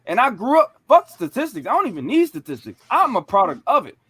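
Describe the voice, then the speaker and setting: A man on a podcast telling stories in a casual, animated way, full of slang and profanity. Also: high-pitched, brisk, breathy edge, no echo. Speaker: podcast co-host.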